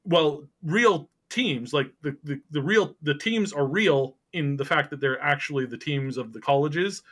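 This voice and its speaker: A man's voice: on the high side, animated, unhurried, a bit bright. A man hosting a casual gaming podcast, rambling with many fillers and restarts. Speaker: podcast host.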